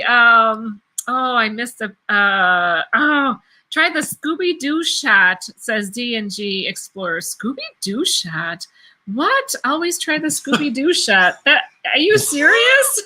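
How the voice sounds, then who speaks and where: A middle-aged woman hosts a casual livestream and reads out viewer comments. Her voice is very bright and a touch high. She giggles often and fills pauses with ums. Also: big pitch swings, rough recording. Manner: giggly, chatty, with many fillers and laughs. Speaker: host of a cruise livestream.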